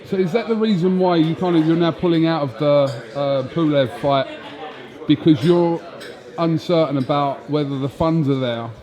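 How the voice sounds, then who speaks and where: A man's voice: fairly high pitch, normal speed, a crowd in the background, poor audio. A man interviewing a boxer, asking probing, challenging questions. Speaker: boxing interviewer. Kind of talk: casual press interview.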